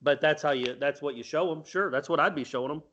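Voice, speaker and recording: Male sports talk co-host, fairly high voice, dull lo-fi sound, wry. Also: quick pace, a bit bright. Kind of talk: casual sports radio chat.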